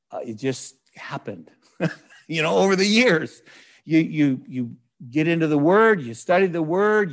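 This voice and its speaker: A man preaching a sermon in a conversational, folksy way, with frequent asides and scripture read aloud. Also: a little high. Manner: reads scripture aloud in measured voice. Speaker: pastor.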